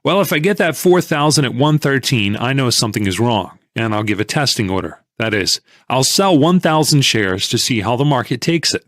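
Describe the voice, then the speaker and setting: A man reading a first-person audiobook in a measured, plain-spoken storytelling way. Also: medium pitch, expressive, fairly bright tone, no echo, studio quality. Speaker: audiobook narrator.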